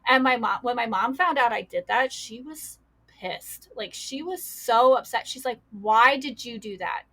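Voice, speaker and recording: A young woman speaks as a podcast guest, recounting hard memories with frequent fillers and short acted-out quotes of other people. Her voice is bright and forward, sitting slightly high for a woman. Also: lively intonation, moderate pace. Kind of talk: emotional personal storytelling.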